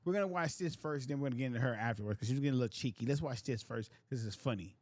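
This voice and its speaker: A man's voice: mid-range voice, very fast, a little mellow, no room sound. A man hosting casual commentary, talking emphatically and repeating lines from clips. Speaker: host.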